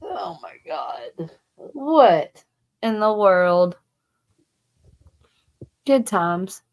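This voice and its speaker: A woman's voice: medium pitch, sing-song, extremely slow. A woman hosting a casual live stream from home, retelling a story and laughing often. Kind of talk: casual chat. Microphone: streaming setup.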